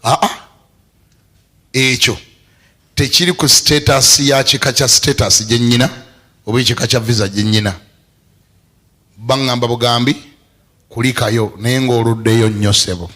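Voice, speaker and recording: Animated, bright-voiced preacher. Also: male voice, mid-range voice, normal speed, pauses often. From Uganda. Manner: animated, laughing, bursts into shouts. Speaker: bishop. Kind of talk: sermon.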